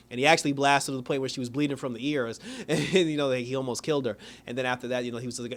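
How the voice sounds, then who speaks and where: Fast-talking man rambling through a TV recap. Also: medium pitch, a bit bright. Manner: rambling, full of "you know" and "like", laughs often. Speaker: TV episode reviewer. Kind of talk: casual recap review.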